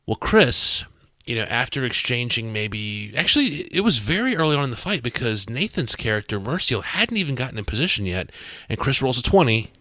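Bright-voiced man game master. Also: medium pitch, a little fast, no echo. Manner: animated, many restarts, acts out quotes. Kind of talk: podcast discussion.

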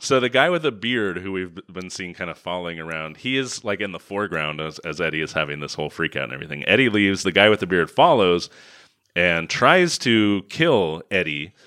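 A man with a lowish voice that swings up and down as he retells a movie scene by scene. He talks casually, as one half of a podcast, and every so often breaks into a loud shouted impression of a character. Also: brisk. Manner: animated storytelling, bursts into loud shouted impressions. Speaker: podcast co-host. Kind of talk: casual movie recap chat.

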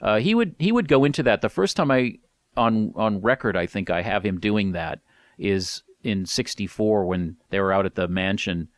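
Brief: male podcast co-host, slightly low voice, halting chatty delivery, dry close sound. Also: lively intonation, no room sound. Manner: hesitant, many fillers and restarts. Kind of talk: casual chat about music records.

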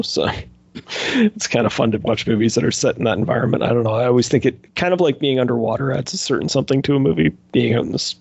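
A husky-voiced man rambles through a casual podcast chat, piling on fillers and little laughs. The sound is dry and close, with a dull, lo-fi tone to the recording. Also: medium pitch, a little mellow, no room sound. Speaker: podcast co-host.

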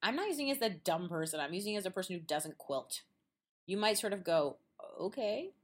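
A woman hosting a podcast in casual chat, animated and quick to act out quoted voices, laughing often. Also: on the low side. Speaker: podcast host. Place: at a quilt show.

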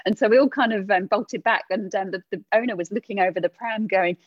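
A woman's voice: mid-range voice, brisk, dry recording. A woman from England in her forties, telling rambling stories full of fillers in casual chat. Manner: rambling storytelling with many fillers. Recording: dry dull lo-fi sound.

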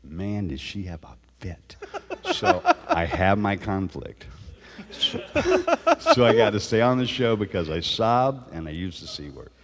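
A man telling animated stories as a guest, often laughing as he talks. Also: lowish voice, a little slow, long reverb tail. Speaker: guest actor. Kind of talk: casual storytelling.

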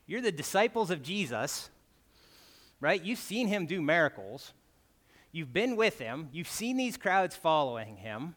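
In a reverberant church hall, a visiting preacher speaks unhurriedly in a slightly high, somewhat bright voice with big swings in pitch. He keeps the sermon conversational, often adding "right?" after his points.

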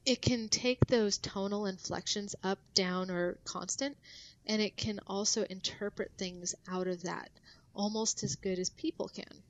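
A woman's voice: mid-range voice, steady tone, unhurried, slight background noise. A woman guest on a podcast, explaining things casually with lots of fillers and restarts.

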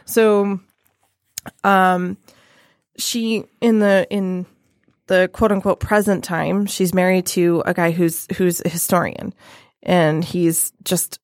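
A woman with a lowish voice co-hosts a podcast, chatting casually in a flat, slow delivery and rambling with lots of fillers and restarts. The audio is studio quality with no echo.

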